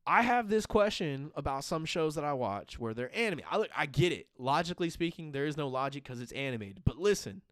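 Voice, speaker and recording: A man's voice: a little high, animated, brisk, few pauses, a bit bright, dry recording, clean studio sound. A young man chatting casually on a podcast, rambling through profane stories with lots of fillers. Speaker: podcast co-host. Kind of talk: casual chat.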